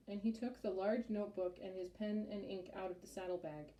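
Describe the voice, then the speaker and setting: A woman reads a chapter book aloud at a steady, measured pace. Her voice is mellow and soft-edged, in a middle register. The recording carries a roomy echo. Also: mid-range voice. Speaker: audiobook narrator. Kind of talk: storybook narration.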